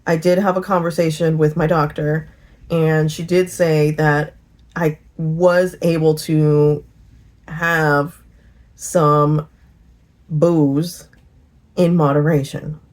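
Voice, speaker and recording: A middle-aged woman chatting casually in a get-ready-with-me vlog, telling a lively story with laughter. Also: sits low, slow pace, pauses often. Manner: animated storytelling, laughing and singing along. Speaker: vlogger.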